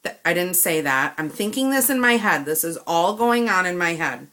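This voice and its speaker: A woman recounts a story in a loose, chatty way. She acts out both sides of the exchange with lively energy. Her voice is bright and forward. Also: on the low side, moderate pace. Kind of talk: casual storytelling rant.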